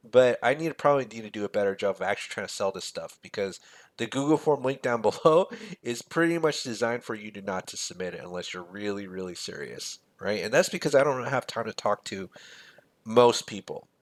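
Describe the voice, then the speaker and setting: A man in a casual spreadsheet walkthrough, with a medium-pitched voice. He jokes and teases the viewer, and his voice jumps between loud bursts and quiet muttering. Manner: joking, sarcastic asides. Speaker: finance channel host.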